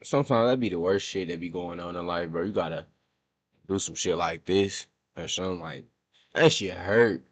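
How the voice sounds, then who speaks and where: A man's voice: deep voice, moderate pace. A man giving laid-back, slangy reaction commentary and talking to his chat. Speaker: reaction streamer.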